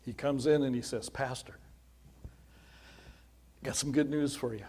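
A man's voice: mid-range voice, steady tone, measured pace, dark tone, husky. A middle-aged man, a pastor, welcoming people to a simple memorial service in a chatty, folksy storytelling way. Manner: chatty, folksy storytelling with quoted dialogue and asides.

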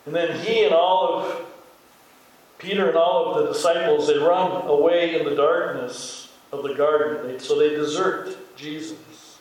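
Older Midwestern pastor in echoey hall. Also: male voice, fairly high pitch, fairly even intonation, unhurried, distant mic. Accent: Midwestern American. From American Midwest. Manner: conversational storytelling, acting out quoted lines. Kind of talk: sermon.

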